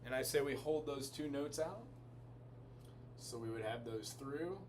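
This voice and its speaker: A music teacher gives a casual lesson, thinking aloud as he explains chords and melody while piano music plays. His voice is medium-pitched and a little slow, and there's slight background noise.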